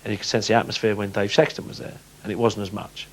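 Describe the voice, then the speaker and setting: A man, a former player, telling lively anecdotes in an interview and mimicking teammates. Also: lowish voice, fast, a little hiss or hum. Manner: lively storyteller, mimics voices, laughs often.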